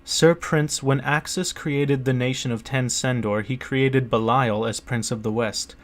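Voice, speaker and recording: A man's voice: mid-range voice, fairly even intonation, a little slow, close to an everyday voice. A man reading an audiobook, voicing an earnest male merchant who urges a prince to claim a throne, in a pleading, persuasive manner. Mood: urgent.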